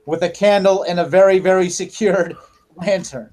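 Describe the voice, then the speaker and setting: High-voiced male dungeon master, casual and halting, often restarts mid-sentence. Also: darkish tone. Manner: halting, with many fillers and restarts. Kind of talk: narrating a tabletop game.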